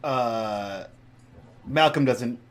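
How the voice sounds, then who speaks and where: A man's voice: mid-range voice, drawn-out words. A man playing a tabletop game, thinking aloud about his moves with plenty of fillers. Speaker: player. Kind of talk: casual tabletop play.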